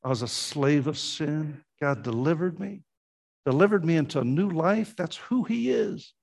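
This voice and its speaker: A man's voice: a little high, lively intonation, normal speed, gravelly, a little mellow. A man preaching a sermon as pastor, earnest and conversational, often restarting his phrases.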